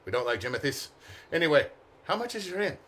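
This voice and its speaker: A man's voice: a little high, very animated, fast, fairly bright tone. A man voicing a tall, nosy out-of-town man with a thick put-on accent and a blunt, teasing manner.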